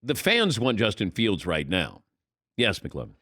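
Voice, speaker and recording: Wry, lively male sports radio host. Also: lowish voice, a little slow, no echo, clean studio sound. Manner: wry, animated, calls on co-hosts. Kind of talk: casual sports talk. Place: radio studio. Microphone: studio microphone.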